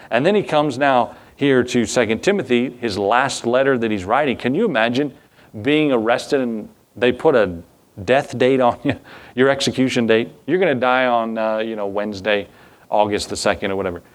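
Male preacher at mid pitch, sermon delivery, asks the room questions, lifts his voice on key words. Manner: preaches with rising emphasis, asks the congregation questions. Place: church.

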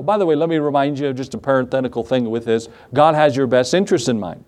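A man delivers a sermon in a mellow, warm-toned voice at a middling pitch. He mixes scripture reading with folksy stories and asks the congregation rhetorical questions. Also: fast, hardly any pauses. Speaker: pastor.

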